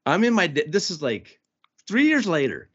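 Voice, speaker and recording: A man co-hosting a podcast, telling a lively story in casual chat and acting out the people he quotes. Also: on the high side, normal speed, husky. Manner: animated storyteller, acts out quoted voices. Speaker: podcast co-host. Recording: dull lo-fi podcast audio.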